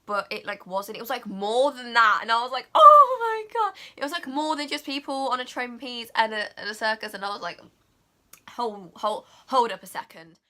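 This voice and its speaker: A woman's voice: fairly high pitch, fairly quick, bright, forceful tone. A young woman vlogger gushing through a casual film review, filling her talk with "like" and "oh my God". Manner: gushing, heavy use of "like" and "oh my God".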